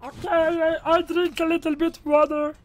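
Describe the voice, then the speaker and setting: An Italian man putting on a strange high voice in game chat, speaking slow, broken English and repeating his words. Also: little pitch movement, a little hiss or hum. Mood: pleading. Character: man with strange squeaky high voice, pleading and earnest. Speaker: gaming YouTuber. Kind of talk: prank voice in online game chat.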